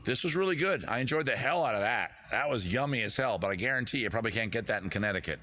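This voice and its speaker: A man's voice: medium pitch, lively intonation, fast talker, sharp tone, slight background noise. A man hosting a live comedy stream with a guitar, rambling, self-mocking and giggling at his own jokes. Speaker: host.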